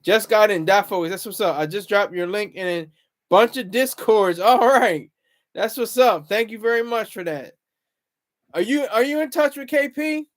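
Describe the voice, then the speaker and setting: A man's voice: high voice, normal speed. A man hosting a casual livestream, rambling and chatting with viewers in the comments. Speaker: livestream host.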